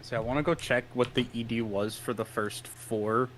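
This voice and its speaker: A man co-hosting a podcast, chiming in with quick, stumbling remarks in casual chat. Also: mid-range voice, fairly even intonation, slight background noise. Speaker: podcast co-host.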